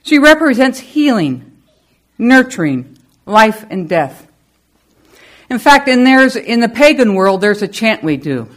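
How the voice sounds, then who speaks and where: Lively woman leading a spiritual service. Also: a little slow, pauses often. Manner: lively storyteller with animated pitch. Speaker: service leader. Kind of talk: spiritual talk to a congregation.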